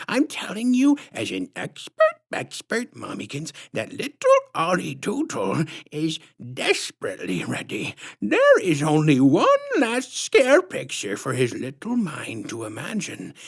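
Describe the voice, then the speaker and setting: A man reading his storybook aloud, voicing a creepy, drooling old woman counselor whose squeaky baby talk slides into a dark hiss. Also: creaky, slightly rough, full character voice. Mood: sinister baby talk.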